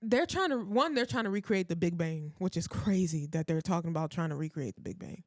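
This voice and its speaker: A woman's voice: on the low side, expressive, fairly quick, dry recording, studio quality. A woman co-hosting a podcast, explaining theories in an earnest, conspiratorial casual chat. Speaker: podcast co-host.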